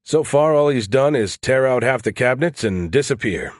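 A man's voice: mid-range voice, lively intonation, normal speed, no echo, voice pushed up, natural voice. A man voicing a wry, grumbling man with sour, dry humor in an audiobook.

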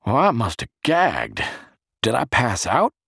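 A man reading a story, voicing a crude, sour young man who talks loud and coarse. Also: mid-range voice, wildly swooping pitch, measured pace, creaky, breathy edge, no room sound, studio quality, pitched above the performer's own voice, full character voice. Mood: rattled.

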